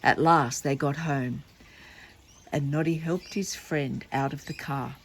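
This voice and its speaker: A woman's voice: low voice, steady tone, slow pace, slight background noise. An older woman reading a children's book aloud, chatty and playful with asides to the listener. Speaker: storyteller.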